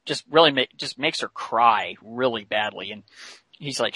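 A man's voice: mid-range voice, normal speed, sharp tone, no echo. A man casually retelling a cartoon episode as podcast host, chatty with many fillers. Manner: chatty, many fillers, laughs while telling.

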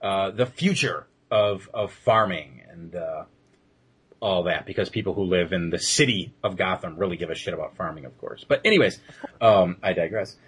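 A man's voice: low-pitched, lively intonation, normal speed, a bit bright, breathy edge. A man co-hosting a podcast, retelling an episode in a loose, rambling way with many fillers. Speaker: podcast co-host reviewing episodes. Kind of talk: casual chat.

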